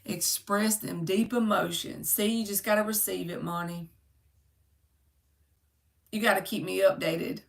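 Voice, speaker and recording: A woman's voice: mid-range voice, fairly even intonation, moderate pace, gravelly, recorded from a distance. A woman doing a chatty, joking tarot reading for her viewers, calling them by name. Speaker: tarot reader. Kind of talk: casual live-stream tarot reading. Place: home room.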